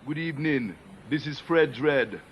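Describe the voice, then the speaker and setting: A man's voice: medium pitch, animated, a little slow, noisy background, natural voice. A man playing a brash dreadlocked reggae party spokesman, in rhyming, half-sung patter. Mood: boastful. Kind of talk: comedy sketch. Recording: dull lo-fi TV broadcast with loud ska music.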